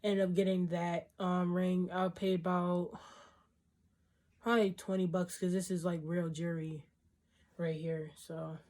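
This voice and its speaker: A woman's voice: on the low side, flat delivery, measured pace, a little mellow. A young woman vlogger casually telling a story to her camera, rambling with lots of fillers and acting out what people said. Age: young adult. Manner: rambling, filler-heavy, acts out quoted dialogue.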